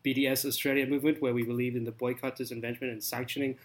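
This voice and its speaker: A young man with a South African accent, a guest on a podcast, trading dry, deadpan jokes in casual chat. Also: medium pitch, rapid-fire. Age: young adult.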